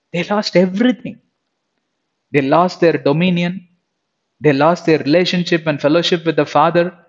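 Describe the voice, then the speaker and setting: Man, preacher, sermon, emphatic, high-pitched, questions the audience, muffled lo-fi recording. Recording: dull lo-fi sound.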